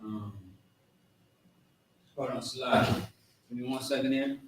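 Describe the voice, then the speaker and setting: A man giving a casual, slangy lesson on words, spelling them out slowly. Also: mid-range voice, fairly even intonation. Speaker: teacher of a language class. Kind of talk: informal lesson with a live chat. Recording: echoey room, far from mic, faint noise.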